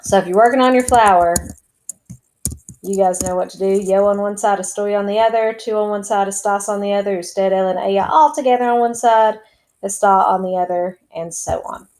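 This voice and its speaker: A woman's voice: medium pitch, fairly even intonation, fairly quick, a little mellow, low-quality recording. A woman teaching a recorded lesson to her students, explaining step by step in a chatty way as she types. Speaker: Spanish teacher. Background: keyboard typing and clicks.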